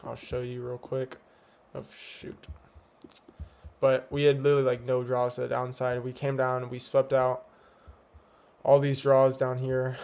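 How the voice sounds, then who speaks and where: A man's voice: mid-range voice, a little mellow. A young man giving a laid-back, slangy recap of his trading day, talking with a slight lisp from teeth whitening strips. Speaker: day trader. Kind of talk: casual trade recap. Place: home at night.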